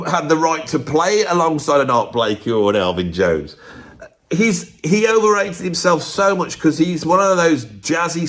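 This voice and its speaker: A man's voice: a little high, a bit bright. A man, a drummer hosting his own video, talking bluntly and rambling, at times arguing with himself. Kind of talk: casual opinionated monologue.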